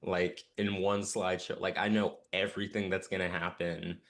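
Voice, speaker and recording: Homem de voz muito grave, descontraído. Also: male voice, sits low, flat delivery, moderate pace, fairly bright tone. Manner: laid-back and joking, with slang. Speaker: podcast co-host. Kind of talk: casual podcast chat.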